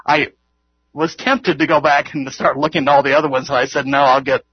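A man's voice: on the high side, fairly even intonation, fairly quick, slightly rough, dry recording, lo-fi sound. Earnest rambling man teaching scripture. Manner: earnest, rambling, laughs often. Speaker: Bible teacher. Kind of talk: informal Bible study teaching.

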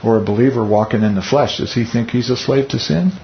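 A man's voice: mid-range voice, fast talker, gravelly. A man leading a Bible study in a conversational teaching style. He asks the group rhetorical questions and makes wry, teasing asides. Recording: muffled lo-fi recording with faint hiss.

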